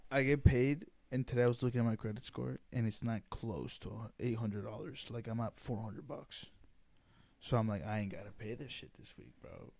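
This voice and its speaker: A man's voice: medium pitch, moderate pace, vocal fry, dark tone. A man in his mid-twenties, co-hosting a podcast, talking in a laid-back, crude, joking way. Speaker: podcast co-host. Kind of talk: casual chat.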